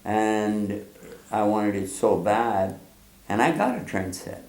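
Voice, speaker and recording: Man, 60s, from the United States, gravelly voice, roomy echo, casual storytelling, animated and chuckling. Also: fairly low pitch, slow pace. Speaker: storyteller guest.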